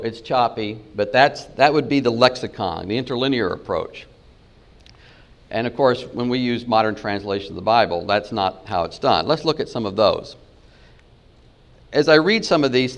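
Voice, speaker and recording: Man teaching, reading scripture aloud. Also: medium pitch. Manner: reads verses slowly and softly, rising to emphatic points. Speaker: Bible teacher. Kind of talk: spoken lecture with scripture readings.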